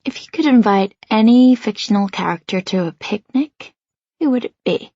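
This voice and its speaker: A woman's voice: fairly high pitch, animated, moderate pace, dark tone, no echo, lo-fi sound. A woman voicing a playful, charming teenage boy with a teasing manner in an audiobook.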